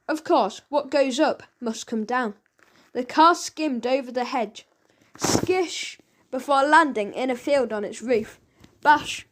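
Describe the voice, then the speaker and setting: A woman reads a children's audiobook aloud, lively and expressive, with a high voice. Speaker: audiobook narrator.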